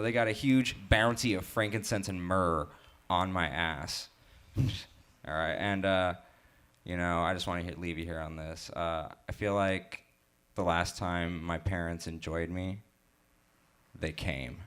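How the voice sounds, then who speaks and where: A man from Utah performing a stand-up comedy set at an open mic, telling jokes in a halting way with lots of fillers. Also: sits low, steady tone, fairly bright tone, smooth. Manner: halting, filler-heavy joke delivery. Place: live open mic stage.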